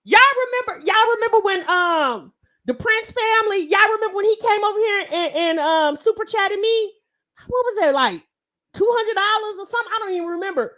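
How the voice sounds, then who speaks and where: A woman hosting a casual livestream, talking excitedly to her viewers and calling them honey and baby. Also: extremely high pitch, fairly quick. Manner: excitable, exclaiming and laughing with viewers. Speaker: livestream host.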